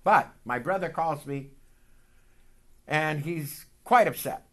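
A man's voice: a little high, slow pace, fairly bright tone. A man preaching, telling a story from his life in a sermon and acting out the dialogue.

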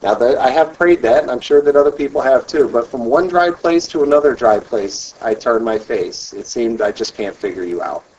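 A man giving an earnest personal faith testimony, talking haltingly and repeating himself. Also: mid-range voice, a little mellow. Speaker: speaker sharing his testimony. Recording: distant, dull mic.

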